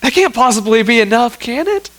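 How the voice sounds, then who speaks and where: A man's voice: very high voice, sing-song, brisk, fairly bright tone, rough recording. A male pastor preaching a sermon in a church, in an earnest, conversational way that often leans on "I mean" and "you know what.". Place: church sanctuary.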